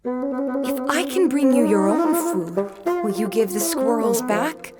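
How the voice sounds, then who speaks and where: A woman doing a bright, earnest little robin. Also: expressive, slow. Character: brave, polite little female robin. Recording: voice over loud bassoon and percussion music.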